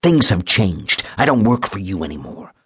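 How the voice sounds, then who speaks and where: A man's voice: low voice, very animated, moderate pace, a bit bright, slightly rough, no room sound, studio quality, heavily acted. A man voicing a menacing, muscular bodyguard turned captor in an audiobook, hissing and growling his threats.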